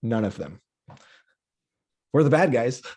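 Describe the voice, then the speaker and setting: A man's voice: mid-range voice, very animated, slow, darkish tone, husky. A man from Colombia who grew up in the U.S., speaking as a comedian guest on a podcast in casual conversation. He talks with passion and repeats words as he builds a point.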